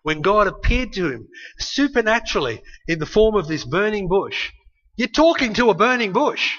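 Man, preacher, conversational sermon, tag questions, forceful tone, slightly high voice. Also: very animated, moderate pace, muffled recording.

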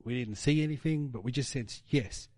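A man's voice: mid-range voice, brisk, a little mellow, no echo. A man preaching a sermon in a casual storytelling way, with fillers and tag questions.

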